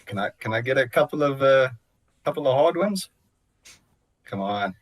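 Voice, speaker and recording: A man's voice: mid-range voice, lively intonation, brisk. A man playing a tabletop game, stammering and pleading in character. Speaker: player. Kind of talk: casual tabletop role-play.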